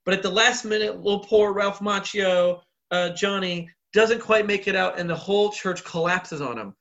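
A man's voice: sits high, moderate pace, a bit bright, lo-fi sound. A man co-hosting a podcast, recapping a film in a rambling casual way with frequent laughs and filler words. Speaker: podcast co-host.

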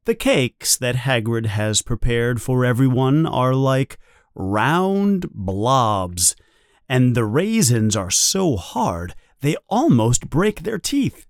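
A man narrating a storybook in a measured, expressive reading. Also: medium pitch, no room sound, studio quality.

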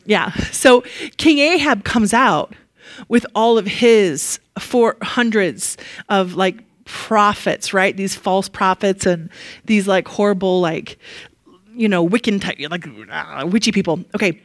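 A woman giving a casual, animated Bible lesson. She is chatty, laughs often and leans on fillers. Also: medium pitch, normal speed, no room sound, studio quality. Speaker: Bible teacher.

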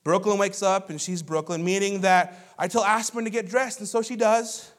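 A man in his thirties preaching a sermon as a pastor, telling stories in a lively, conversational way with asides to the congregation. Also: high-pitched, normal speed.

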